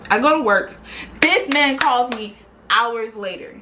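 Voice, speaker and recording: A young woman vlogger retelling a story in a casual, animated, slangy way, acting out quoted dialogue. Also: fairly high pitch, unhurried, background noise.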